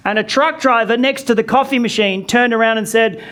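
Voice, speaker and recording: A man doing stand-up, telling a story in an animated way with rants, swearing and shouted punchlines in a comedy club. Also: extremely high pitch, a little fast. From from abroad, not American. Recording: comedy club with loud audience laughter.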